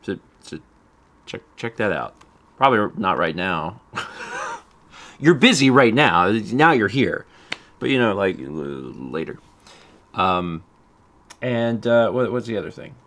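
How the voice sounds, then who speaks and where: A man's voice: lowish voice, big pitch swings, slow, pauses often, a bit bright. A man chatting casually on a game stream, rambling and amused, with frequent fillers and asides.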